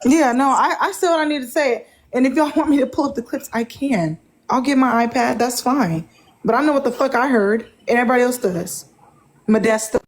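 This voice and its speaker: Furious high-voiced woman hosting a live stream. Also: brisk. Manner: angry, confrontational, heavy profanity. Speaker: livestream host. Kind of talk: heated live-stream argument.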